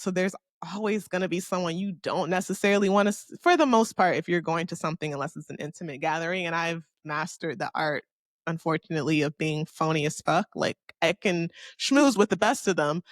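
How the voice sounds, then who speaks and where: A young adult woman from Miami, Florida hosts a casual solo podcast in a medium-pitched, fairly bright voice, recorded cleanly in a studio with no room sound. She tells a story candidly and chattily, cursing freely and talking to herself.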